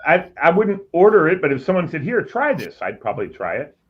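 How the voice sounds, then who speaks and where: A man's voice: on the high side, wildly swooping pitch, fairly quick, crowd noise. A man hosting a casual group video chat, joking and chatty with playful asides. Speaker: host. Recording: dull lo-fi sound with faint noise.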